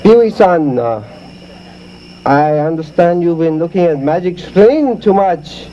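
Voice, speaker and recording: A man's voice: a little high, lively intonation, unhurried, mellow, slight background noise. A man playing a boastful comic kung fu ventriloquist who speaks in broken English and teases his dummy, recorded on dull lo-fi tape at an outdoor party. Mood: teasing. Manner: broken English, teasing, chuckling.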